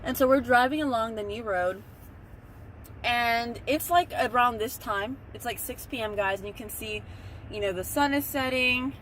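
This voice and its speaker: A woman's voice: a little high, normal speed, a bit bright, slight background noise. Chatty young woman vlogging from her car. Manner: chatty, rambling, talks straight to viewers. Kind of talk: casual storytelling vlog. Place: in a parked car.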